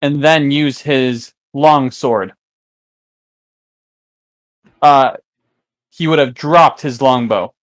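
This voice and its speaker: A man's voice: mid-range voice, drawn-out words, long pauses, no echo. Man playing his character at the table. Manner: playful, narrating his character in third person. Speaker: player.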